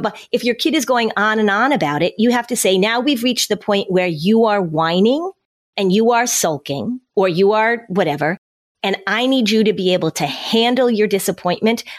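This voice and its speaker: Middle-aged woman, parenting advice, acts out little scenes, average pitch. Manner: explains with acted-out parent and child examples. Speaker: parenting expert guest. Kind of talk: conversational advice.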